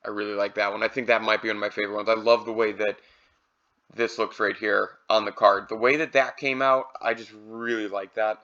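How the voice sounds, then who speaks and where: A man's voice: fairly low pitch, level tone, brisk, bright, forceful tone, muffled recording. A man casually reviewing trading card products, thinking aloud with fillers.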